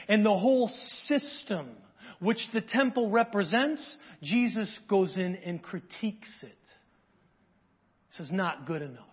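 A man's voice: sits high, husky. A man preaching a sermon in church, talking conversationally and asking the congregation questions. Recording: dull lo-fi audio.

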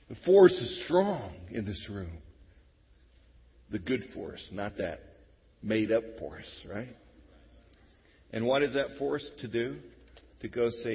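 A middle-aged man preaching an Easter sermon to his congregation, talking conversationally and moving between hushed, intimate passages and loud exclamations. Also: medium pitch, animated, a little slow, pauses often, husky. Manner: conversational, swings from hushed to shouting. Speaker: pastor. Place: church sanctuary. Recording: dull lo-fi sound with long hall reverb.

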